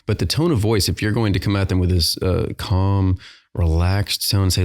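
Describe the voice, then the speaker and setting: A man co-hosting a podcast, talking through ideas in a measured, reflective way during casual chat. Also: sits low, fairly even intonation, no echo.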